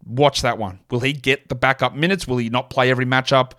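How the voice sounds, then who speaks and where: Rambling podcast host, mid-pitched man. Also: fairly even intonation, fast, fairly bright tone. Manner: rambling, self-correcting, with many fillers. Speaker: fantasy basketball podcast host. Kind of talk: solo podcast analysis.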